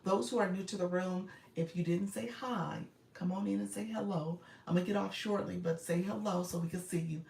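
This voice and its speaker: A woman's voice: fairly low pitch, a little fast, creaky, hardly any pauses, a little mellow. A woman hosting a casual live stream, greeting viewers by name and chatting, with many fillers and laughs. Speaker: live stream coach and host. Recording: roomy, distant phone audio with faint noise.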